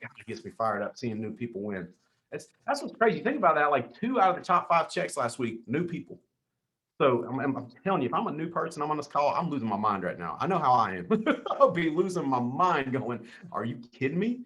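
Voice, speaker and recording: A man hosting a weekly team sales call, reading out leaderboards with hyped shout-outs, calling people dude and brother. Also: mid-range voice, very animated. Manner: hyped, calls everyone dude and brother, quick asides.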